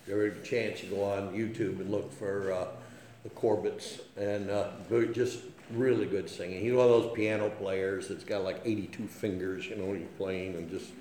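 A man's voice: on the low side, steady tone, moderate pace, mellow, echoey room, a little hiss or hum. A man preaching a sermon, often checking in with his listeners by asking "okay?", and telling homespun stories. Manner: folksy, storytelling, frequent "okay?" check-ins.

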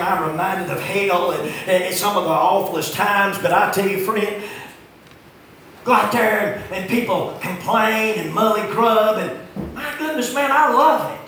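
A man, preaching a fiery sermon as pastor, swinging from shouting to low, quiet asides. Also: slight background noise. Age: 50s. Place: church sanctuary. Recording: echoey room, heard from a distance.

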